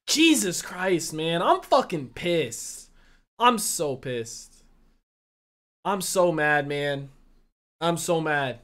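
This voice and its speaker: A high-voiced man reacts to a show in casual commentary, swearing and getting loud when excited. His tone is bright and forceful. He talks straight into a desk mic. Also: extremely slow, pauses often. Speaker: reaction video host. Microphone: desk microphone.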